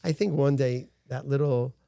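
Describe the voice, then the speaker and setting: Middle-aged male guest, gravelly, earnest storyteller, dry close sound. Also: medium pitch, fairly even intonation, normal speed, mellow, dry recording. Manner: earnest storytelling, frequent restarts. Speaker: guest, founder of a rescue organization. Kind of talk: casual interview talk.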